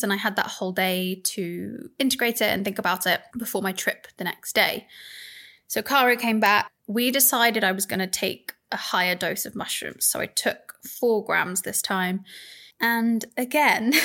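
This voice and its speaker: A woman's voice: medium pitch, steady tone, moderate pace, pushed and bright. A woman hosting a podcast, candidly telling a personal story in a chatty way and laughing now and then. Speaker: podcast host.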